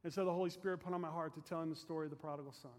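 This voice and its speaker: A man preaching a storytelling sermon as pastor, earnest and fervent, letting his phrase ends fall soft, then leading a prayer. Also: on the high side, fairly even intonation, rapid-fire, long reverb tail.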